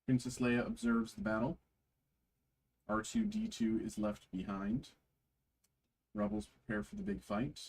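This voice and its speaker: A man hosting a trading card break, reading card names aloud slowly with frequent fillers. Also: medium pitch, sing-song, vocal fry, darkish tone, slightly rough, low-quality recording.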